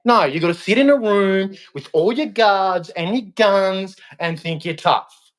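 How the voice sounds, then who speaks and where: A man's voice: sits high, measured pace. An angry young Australian man in a heated, repetitive rant aimed at a politician. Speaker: vlogger.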